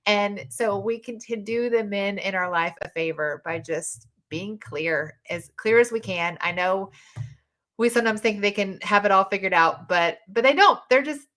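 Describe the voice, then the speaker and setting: Southern us lady hosting a live audio chat, chatty, jokes around, middle pitch. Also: fairly bright tone. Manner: chatty, laughs at her own jokes. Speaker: podcast host.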